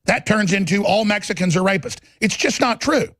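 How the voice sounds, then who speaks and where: A man hosting a political talk show, combative and rambling in his monologue, with a gravelly, husky voice. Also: sits high, fairly quick, a bit bright, no echo.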